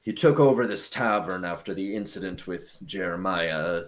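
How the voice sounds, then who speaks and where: A cartoonish old elf, dirty and half drunk, drawls his words low and slow, as a game master puts him on. He speaks in a hushed, secretive way, like a shabby mentor keeping an eye on who might be listening. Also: lightly acted. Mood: confiding.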